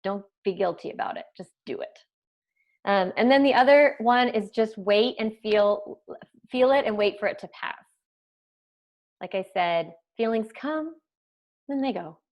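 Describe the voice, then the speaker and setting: A woman's voice: mid-range voice, expressive, measured pace, lo-fi sound. A woman parenting coach giving a live online training in a conversational, chatty way with asides to viewers.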